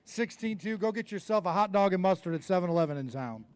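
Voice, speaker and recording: Brief: male weigh-in emcee, high-pitched, dry close sound, hype-man banter. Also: lively intonation, fast talker, clear, resonant tone, no echo. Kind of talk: live tournament announcing. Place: outdoor weigh-in stage.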